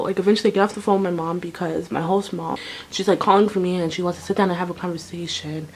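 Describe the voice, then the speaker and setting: A young woman vlogger telling a storytime tale in a lively way, acting out voices and sounds. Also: fairly low pitch, fast, slight background noise. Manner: animated, acts out voices and sounds. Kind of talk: storytime vlog.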